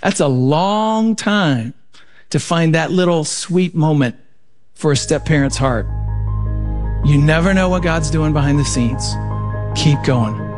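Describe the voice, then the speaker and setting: A man speaking to a live audience, telling a family story and slowing down to make his point. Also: on the high side, soft background music. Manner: storytelling, animated, slowing for emphasis. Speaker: speaker at a marriage event. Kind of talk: recorded talk to a live audience.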